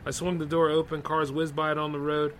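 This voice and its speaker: Male podcast host, a bit high-pitched, reads horror tales and riffs between them in a loose, laid-back way. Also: flat delivery, a little fast, a bit bright, slight background noise, rough recording. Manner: loose, conversational asides full of 'like' and 'man'. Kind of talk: reading horror stories aloud with casual commentary.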